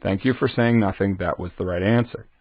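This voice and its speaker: A man's voice: on the low side, a little fast, no echo. Chatty male coding teacher, dull dry sound. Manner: chatty, self-answering asides to the viewer. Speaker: programming instructor. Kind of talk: screen-recorded coding lesson.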